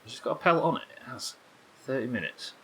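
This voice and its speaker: A man's voice: medium pitch, animated, fast, sharp tone, slightly rough, poor audio. A man from the United Kingdom chatting and joking casually while streaming a survival game, swearing now and then. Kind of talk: casual gameplay commentary.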